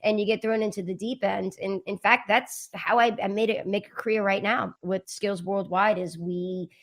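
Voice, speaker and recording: A middle-aged woman, a guest in a casual interview, telling lively stories and acting out the dialogue. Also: medium pitch, normal speed. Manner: animated storyteller, acts out dialogue. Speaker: guest, martial arts educator.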